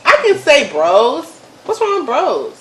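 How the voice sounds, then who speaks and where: Animated woman in her thirties, laughing. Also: sits high, unhurried, reverberant, a little hiss or hum, low-quality recording. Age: 30s. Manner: animated, laughing, repeats words to test them. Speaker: mother and channel host. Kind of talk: casual chat.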